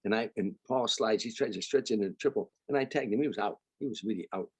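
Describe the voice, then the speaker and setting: An older man from Chicago, a comedian guest, telling stories in an animated way and acting out the people he quotes. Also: lowish voice, fast, breathy edge, no echo. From Chicago, United States. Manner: animated storyteller, acts out quoted voices. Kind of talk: storytelling interview.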